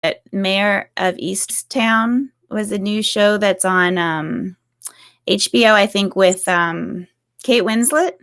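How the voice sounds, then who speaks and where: A woman author chats casually and asks curious questions, laughing often as she goes. Her voice has a gravelly, fry-touched texture at a middle pitch. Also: slow pace, fairly bright tone. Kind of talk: casual conversation.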